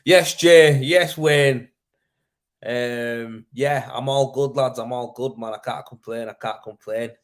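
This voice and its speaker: A man's voice: medium pitch, flat delivery, measured pace, few pauses. Chatty man on a live stream. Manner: chatty and rambling, full of fillers like mate and man. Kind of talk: casual live-stream chat answering viewer comments.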